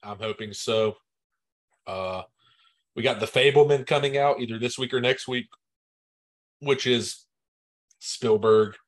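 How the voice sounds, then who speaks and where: A man's voice: mid-range voice, measured pace, long pauses. A man co-hosting a movie podcast, talking in a laid-back, matter-of-fact casual chat. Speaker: podcast co-host.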